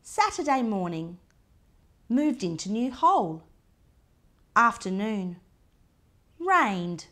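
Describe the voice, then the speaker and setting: Reading a children's picture book aloud, a woman with a slightly high voice lingers over each short, clipped diary entry, her pitch swinging widely. Her delivery is slow and full of movement. She breaks off at times for soft asides, pointing things out to the child.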